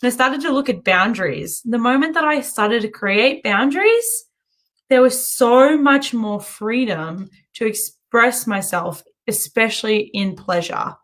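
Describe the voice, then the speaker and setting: A woman hosting a show, telling a story in a chatty, animated way and often breaking into giggles. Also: fairly high pitch, unhurried. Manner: chatty and animated, self-interrupting. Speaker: host. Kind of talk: casual storytelling monologue.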